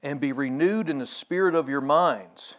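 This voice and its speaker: A man preaching conversationally as pastor speaks at normal speed in a fairly high voice; his talk is peppered with fillers and restarts, and he becomes animated once he retells a story.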